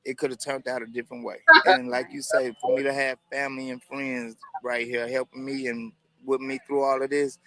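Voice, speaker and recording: A tearful man with a breaking voice, speaking haltingly in a news interview outdoors at a storm-wrecked site. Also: mid-range voice, level tone, rough recording. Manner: halting, hesitant, repeats words. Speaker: tornado survivor interviewed on scene.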